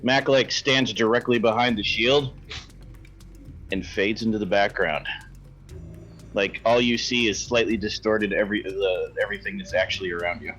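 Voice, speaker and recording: A man's voice: fairly low pitch, steady tone, moderate pace, a bit bright, dull audio, soft background music. A man narrating as game master of a tabletop game, playful and descriptive.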